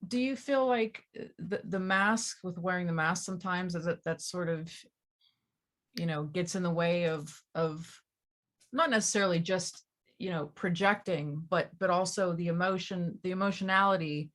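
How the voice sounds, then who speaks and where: Female co-host, slightly low pitch, curious and giggly. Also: moderate pace, a bit bright. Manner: giggly, inquisitive. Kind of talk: casual interview.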